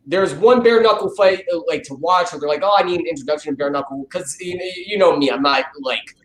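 A man hosting a podcast, telling stories excitedly and swearing freely. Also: fairly high pitch, brisk, reverberant, low-quality recording. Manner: profane, excitable storyteller. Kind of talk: casual chat.

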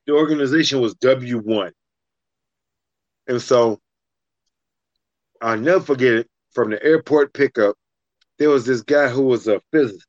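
Male storyteller, profane and animated, mid-range voice, dry and slightly muffled. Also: mid-range voice, no echo. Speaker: fighter telling a story. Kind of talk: casual storytelling in a podcast chat.

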